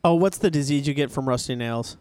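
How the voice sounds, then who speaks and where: A man's voice: medium pitch, darkish tone, slight background noise. A man co-hosting a podcast, joking and reflecting in casual chat. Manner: quick banter, jokes and reflective asides. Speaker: podcast co-host.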